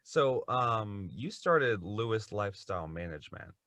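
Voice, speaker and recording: A man's voice: on the low side, animated, measured pace, fairly bright tone, no echo. A man hosting an interview podcast, mostly giving brief, encouraging interjections and short questions. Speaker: podcast host. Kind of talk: casual interview chat.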